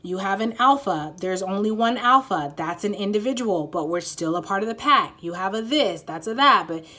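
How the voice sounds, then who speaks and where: With a sharp, mid-range voice and an animated, moderate delivery, a tarot card reader works through a casual reading. She wanders off track, leans on "like," interrupts herself, curses openly, and keeps saying sorry.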